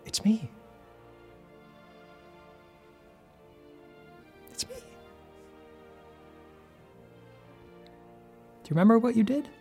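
A man voicing an overwhelmed grown man who pleads with his brothers in a high, strained voice. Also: animated, very fast, creaky, dark tone, breathy edge, soft background music, full character voice. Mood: insistent.

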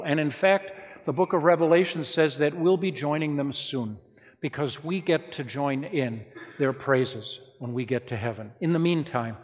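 A male pastor preaching a sermon, telling stories in a lively way and speaking straight to his congregation. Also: fairly high pitch. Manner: lively storytelling preacher, addresses the congregation directly. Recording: long reverb of a large hall.

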